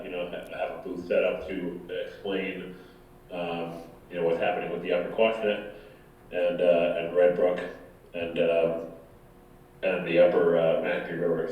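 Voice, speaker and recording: A man on town staff speaking at a public meeting, halting and full of you-knows. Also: low-pitched, lo-fi sound. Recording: echoey, distant room mic.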